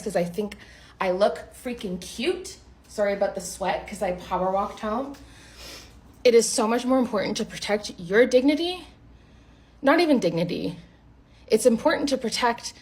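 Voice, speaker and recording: Husky, blunt woman telling a dating story. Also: medium pitch. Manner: blunt and exasperated, swearing freely. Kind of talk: casual storytime to camera.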